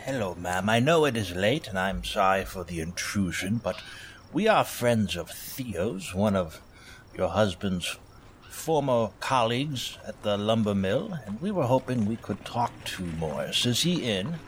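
A man's voice: lowish voice, lively intonation, unhurried, slight background noise. A man playing a tabletop game, speaking in character with courteous, formal phrasing. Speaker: player. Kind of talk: in-character tabletop role-play.

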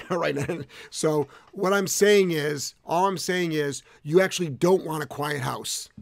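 A man's voice: a little high, slow, gravelly. A middle-aged man, a dog trainer co-hosting a live Q&A, answering bluntly with swearing and jokes. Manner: blunt, profane, joking. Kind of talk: live-stream Q&A chat.

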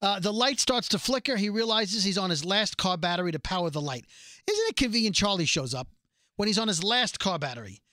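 A man's voice: sits high, expressive, fairly quick, pushed and bright, no room sound. Dry-voiced man recapping a show. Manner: reads plot summary aloud, jokey asides. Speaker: podcast co-host recapping a TV episode. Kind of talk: casual chat.

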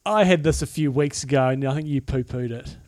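A New man of middling pitch who talks fast and gets straight to the point. He chats casually with his podcast co-host. The recording is dry and close. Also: a little mellow, no echo. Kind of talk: casual chat.

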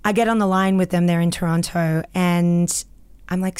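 A woman with an Australian accent, a voice actor telling lively stories as an interview guest. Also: on the low side, normal speed, clear, resonant tone, no echo. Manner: animated storyteller, acts out quotes. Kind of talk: casual interview chat. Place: small home recording closet.

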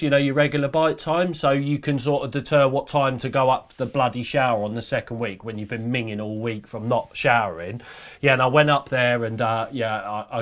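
A man recounting a story on a podcast in a loose, rambling way. He drops slang and mild swearing as he goes. He is quick to make fun of himself. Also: mid-range voice. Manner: rambling, swears mildly, slangy, self-mocking. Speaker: podcast guest angler. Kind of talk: casual storytelling.

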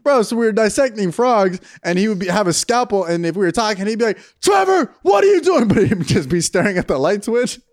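A man's voice: high voice, quick pace, few pauses, no echo, clean studio sound. A young man from California co-hosting a casual podcast, joking, laughing often and mimicking voices. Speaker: podcast co-host. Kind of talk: casual chat.

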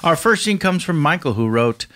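A man's voice: fairly high pitch, sing-song, normal speed, fairly bright tone. A man hosting a comedy podcast, reading listener mail playfully before an improv scene. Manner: playful, does impressions. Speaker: podcast host.

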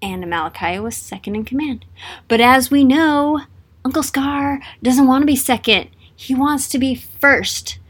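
A woman tells a story in a relaxed, playful way, with a lively tone throughout. Her voice sits somewhat high. It sounds like a casual retelling. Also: a little slow, slightly rough.

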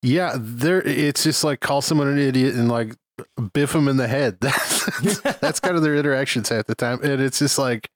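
A man's voice: mid-range voice, moderate pace, dry recording, studio quality. A man co-hosting a casual film podcast, joking in a laid-back way. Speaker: podcast co-host.

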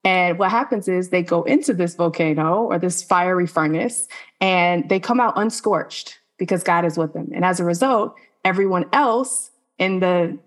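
A woman telling a personal faith testimony as a podcast guest, earnest and conversational, with many "like" fillers. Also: on the low side.

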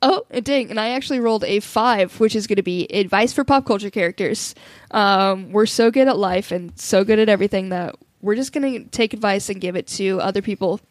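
A woman's voice: mid-range voice, fairly quick, no echo. A woman co-hosting a casual podcast chat, loose and playful, moving the talk along. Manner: laughing, loose and playful, drives the segments. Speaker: podcast co-host.

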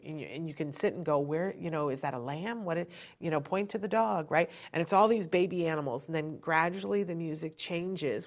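A woman with a somewhat low voice, talking as a host giving practical parenting advice. She speaks conversationally and keeps checking in with "right?". At times she softens and lowers her voice to act out winding down. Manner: chatty, often checks in with "right?".

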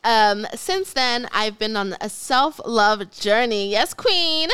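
A young woman in her twenties, a podcast co-host chatting candidly and reading a listener letter aloud, animated and quick to laugh. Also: medium pitch, clean tone.

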